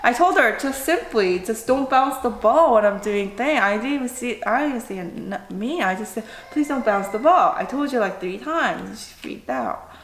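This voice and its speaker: A woman mukbang vlogger and mother chatting casually to camera, rambling with quick asides. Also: fairly high pitch, lively intonation, echoey room, a little hiss or hum. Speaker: mother of a young child.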